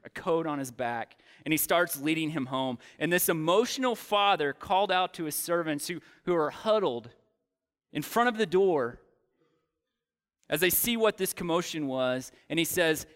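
A man preaching a sermon, retelling a Bible story with dramatic pauses and voiced lines for the characters. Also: a little high, a bit bright.

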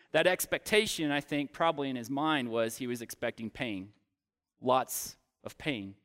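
A man preaching a sermon, retelling a Bible story with dramatic pauses and voiced lines for the characters. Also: a little high, fairly bright tone, smooth.

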